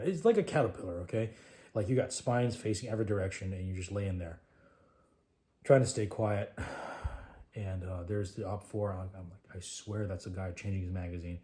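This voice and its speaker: With a lowish voice, a man shares a training war story with trainees. His delivery is lively and conversational, occasionally falling to a hush.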